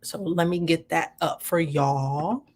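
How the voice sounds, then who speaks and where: A woman's voice: deep voice, slow pace, a little mellow. A woman hosting a casual chat, playful and teasing, laughing often. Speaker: podcast host.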